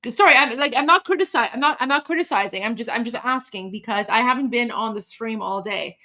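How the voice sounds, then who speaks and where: A woman hosts a casual live stream in a high, bright-pitched voice. She talks with open emotion and rambles, cutting herself off and starting again mid-thought. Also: brisk. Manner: emotional, rambling, breaks off and restarts often. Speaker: livestream host.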